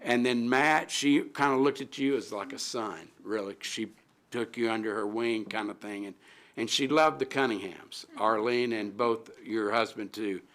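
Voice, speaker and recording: Middle-aged guy on a city council, gravelly voice, halting heartfelt speech with lots of restarts. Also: fairly low pitch, fairly bright tone. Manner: halting, heartfelt, many restarts and trailing pauses. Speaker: city alderman. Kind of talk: emotional tribute speech at a council meeting.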